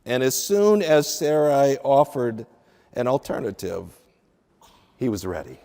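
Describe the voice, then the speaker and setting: Slow, earnest male preacher in a hall. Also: mid-range voice. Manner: expressive Bible teaching with acted-out dialogue. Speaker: pastor. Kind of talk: sermon.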